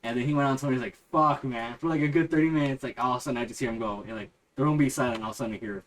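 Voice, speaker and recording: Man, podcast guest, casual chat, mid pitch, loose swearing, animated storytelling. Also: rapid-fire. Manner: relaxed, swears freely, animated when retelling.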